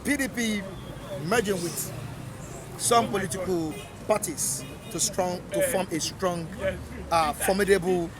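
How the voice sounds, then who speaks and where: A man interviewing people outdoors at a newsstand, keeping things brisk. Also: sits high. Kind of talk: street news interview. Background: crowd noise.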